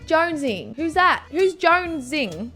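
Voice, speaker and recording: A woman with an Australian accent hosting a casual reaction vlog, animated and self-mocking, her voice jumping between loud and soft. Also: high voice, a little slow, soft background music. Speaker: YouTuber host. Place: indoors at home, wrapped in a blanket.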